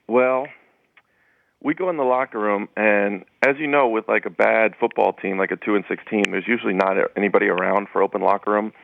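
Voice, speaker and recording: A man's voice: fairly low pitch, fairly quick, gravelly. Man telling a story down a dull line. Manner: casual, anecdotal, animated retelling. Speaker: sports writer, interview guest. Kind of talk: phone-in radio interview, storytelling.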